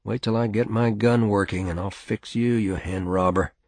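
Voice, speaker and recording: A man's voice: fairly low pitch, steady tone, moderate pace, darkish tone, no echo. A man voicing an earnest, determined farm boy in a story reading.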